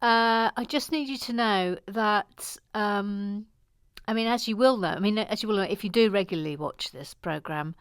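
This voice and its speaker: A woman from Deeside hosting a Lego building channel, chatting gently and self-deprecatingly as she reads viewer comments, sometimes dropping to a whisper. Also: medium pitch, moderate pace, smooth, dry recording, studio quality. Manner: soft-spoken, gentle, self-deprecating, drops to a whisper at times. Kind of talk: casual chat while building and reading comments.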